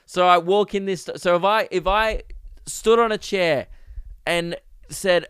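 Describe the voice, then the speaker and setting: A young Australian man hosting a podcast, ranting comically and exasperatedly, jumping into sudden high-pitched outbursts. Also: slow pace, pauses often, fairly bright tone, clean tone, no room sound, clean studio sound. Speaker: podcast host. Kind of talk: comedic rant.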